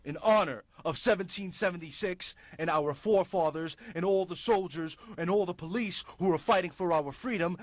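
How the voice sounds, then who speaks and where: A man's voice: high voice, dry recording. A man hosting a public access show, delivering impassioned political commentary in a fiery, ranting, emphatic way.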